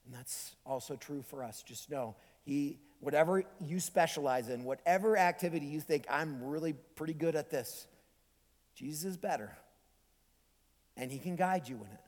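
A male pastor delivers a sermon in a church with a long hall reverb. His voice sits slightly high for a man. He swings from loud, emphatic lines down to hushed, near-whispered ones. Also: expressive, normal speed. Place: church sanctuary.

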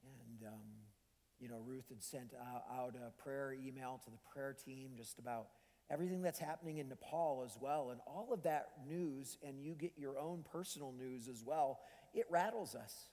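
A man's voice: mid-range voice, normal speed, dark tone, long reverb tail. A man preaching a sermon in a conversational way, with frequent ums and restarts. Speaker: pastor.

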